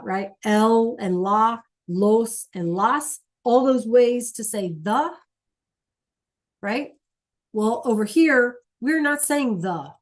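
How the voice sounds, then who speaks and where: Slow, patient woman teaching a class. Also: a little high. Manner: patient, checks in often with "right?" and "okay?"; repeats key points slowly. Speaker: Spanish teacher. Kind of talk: classroom lesson.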